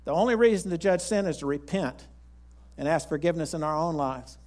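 A man with a slightly raised pitch delivers a sermon. He tells stories in a folksy, rambling way, often restarting his sentences. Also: lively intonation, a little fast, a little mellow. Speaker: pastor. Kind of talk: sermon with storytelling.

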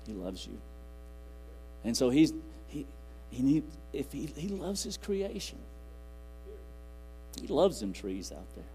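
A man's voice: mid-range voice, very animated, slow, pauses often, mellow, poor audio. A man preaching a sermon in a folksy, rambling way, quoting scripture aloud. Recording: faint music and mains hum.

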